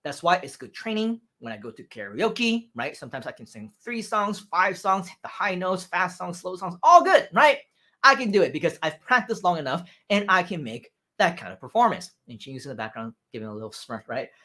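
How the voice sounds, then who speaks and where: A man teaching public speaking on a livestream, energetic and animated, who keeps checking in with "right?". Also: sits high, a little fast. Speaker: speaking coach. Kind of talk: livestream training talk.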